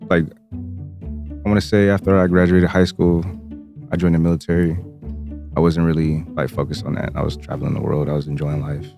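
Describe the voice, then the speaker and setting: Very deep gravelly laid-back man. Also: level tone, a little fast, long pauses, over music. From Virginia, US. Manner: laid-back, slangy, laughs often. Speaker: music producer guest. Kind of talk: casual interview chat.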